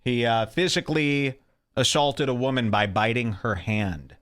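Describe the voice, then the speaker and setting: A man's voice: medium pitch, unhurried. A man hosting a talk show, picking apart a comedy clip with sarcastic commentary and mocking impressions. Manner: sarcastic, animated, mimics others. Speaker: podcast host.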